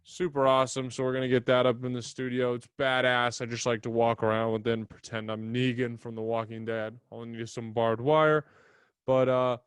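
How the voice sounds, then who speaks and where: A man's voice: mid-range voice, little pitch movement, a little fast, smooth, no room sound. Young guy doing his podcast solo, rambly and swearing a lot, regular mid voice, dry close mic. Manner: rambling, loose and profane. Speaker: podcast host. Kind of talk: casual solo podcast chat. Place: small home studio. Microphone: desk mic in front of a camera.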